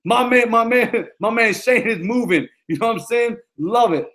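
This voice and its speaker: A man's voice: very high voice, moderate pace, a bit bright. A middle-aged man, a football coach, giving a motivational talk in an emphatic, repetitive, slangy way.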